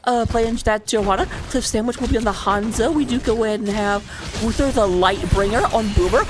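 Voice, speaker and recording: A woman with a fairly high voice casts a recorded esports match by herself. She talks in a chatty, giggly way, drifts into personal asides and apologizes often. She sounds like she is recovering from surgery and sitting low in her seat. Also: fast, over music. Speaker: esports caster. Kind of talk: solo game commentary mixed with personal chat.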